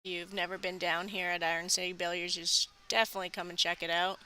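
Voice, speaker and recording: Bright, clear-voiced woman commentating pool. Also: lowish voice, level tone, quick pace. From not from the US South. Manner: chatty, laughs often, upbeat. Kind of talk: casual sports commentary.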